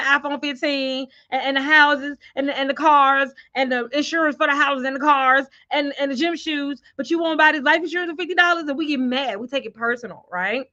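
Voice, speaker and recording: A middle-aged woman runs a live sales training, speaking in an animated, slangy way straight to her audience. Her voice sits high and sounds bright. The audio comes through slightly muffled, like an online stream.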